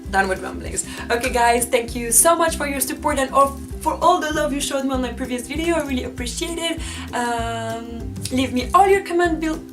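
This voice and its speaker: A woman with a slightly raised voice talks through a book she loved in a relaxed, chatty vlog. She laughs easily and gushes about what moved her, with faint music playing underneath. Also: high-pitched, normal speed. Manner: chatty and enthusiastic, laughs often. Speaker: book vlogger. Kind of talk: casual book review vlog.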